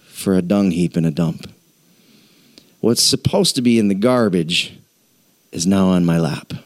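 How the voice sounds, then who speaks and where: A male pastor preaching a sermon, animated and conversational, slowing down and dropping low to drive points home. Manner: animated storytelling, voices people in a high pitch, slows and drops low for emphasis.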